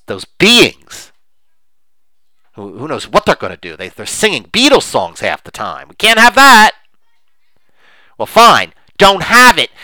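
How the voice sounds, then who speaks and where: A man's voice: fairly high pitch, bright, forceful tone, no echo, poor audio. A man hosting a podcast, arguing emphatically and impassioned, with frequent restarts. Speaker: podcast host. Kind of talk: opinionated podcast talk.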